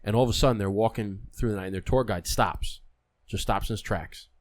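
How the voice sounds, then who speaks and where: A man's voice: lowish voice, a little fast. A man hosting a podcast who tells stories in a rambling, casual way, with lots of restarts and swearing.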